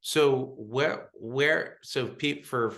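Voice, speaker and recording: A man's voice: mid-range voice, drawn-out words, gravelly, a bit bright. A man hosting a podcast interview, asking loose, meandering questions and laughing often. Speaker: podcast host. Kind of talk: casual interview chat.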